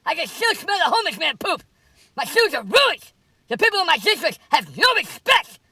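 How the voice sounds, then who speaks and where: A woman's voice: very high voice, very animated, moderate pace, pushed and bright, no room sound, studio quality, heavily acted. A woman doing a comedy sketch impression of a huffy, indignant wealthy politician. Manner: huffy then mumbling, filler-heavy.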